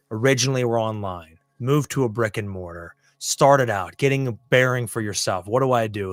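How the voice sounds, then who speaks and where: A man's voice: mid-range voice, a bit bright, no room sound, studio quality. A man hosting a podcast interview, talking casually and emphatically with rambling asides. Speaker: podcast host.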